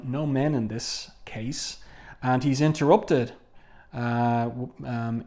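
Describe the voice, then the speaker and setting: Man, casual comic review host, chatty and conversational, mid-pitched voice, reads quoted lines aloud. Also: a little mellow. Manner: chatty, stops to read panel dialogue aloud.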